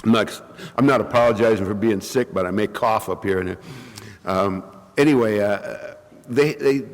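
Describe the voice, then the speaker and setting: A man with a lowish voice and normal speed tells a humorous, self-mocking story to a recovery meeting, dramatizing the quoted dialogue. He's from California, has bronchitis, and coughs now and then, all recorded in a reverberant hall.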